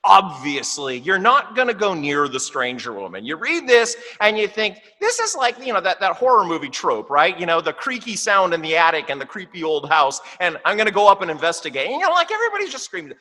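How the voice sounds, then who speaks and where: A man preaching a sermon in a church. He talks in a conversational way, often asks "right?", and slows down to read scripture. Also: sits high, sing-song, bright, forceful tone. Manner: reads scripture slowly and deliberately. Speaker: pastor. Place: church sanctuary. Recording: long hall reverb in a church.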